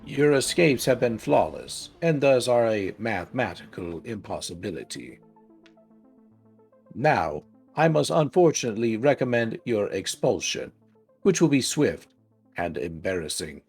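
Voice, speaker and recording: A man's voice: on the low side, sing-song, a little slow, creaky, a little mellow, husky, faint music behind, pitched below the performer's own voice, full character voice. A man voicing a cold, calculating male robot professor who speaks in a clipped, formal, menacing way.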